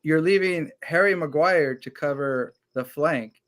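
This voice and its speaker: Animated man breaking down football tactics. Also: on the high side, unhurried. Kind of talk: casual sports talk.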